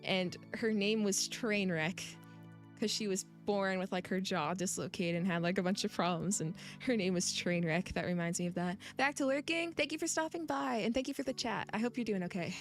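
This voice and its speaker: A woman's voice: medium pitch, fairly quick, soft background music. A woman streamer chatting casually with her viewers and reading game text aloud, giggling often and rambling.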